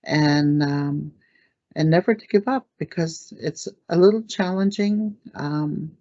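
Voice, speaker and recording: A woman teaching words in a language lesson, saying each word slowly, repeating it, and clearing her throat now and then. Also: low voice, warm tone, no room sound. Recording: dull lo-fi dry recording.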